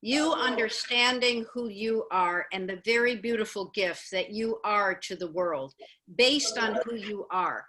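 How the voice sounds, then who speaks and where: A woman facilitating an online youth training session, gentle and encouraging, speaking over a video call. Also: mid-range voice, measured pace, low-quality recording.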